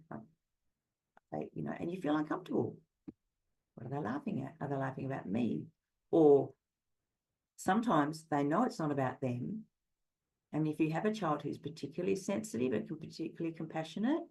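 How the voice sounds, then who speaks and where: A woman's voice: deep voice, darkish tone, poor audio. A middle-aged woman giving an earnest, conversational parenting talk, often restarting her sentences. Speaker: parenting educator. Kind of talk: presentation talk.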